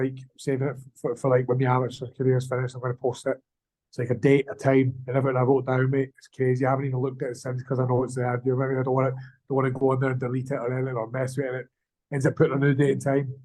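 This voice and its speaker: A man's voice: mid-range voice, little pitch movement, racing, a little mellow, low-quality recording. A man, an amateur fighter, chatting casually in an interview, rambling and swearing with lots of slang. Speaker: amateur MMA fighter, guest.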